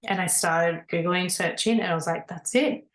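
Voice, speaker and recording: A woman, a spiritual mentor, telling her own story in an earnest, animated way with lots of casual fillers. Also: lowish voice, moderate pace. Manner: earnest, animated, many "you know" fillers. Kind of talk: personal storytelling monologue. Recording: echoey room.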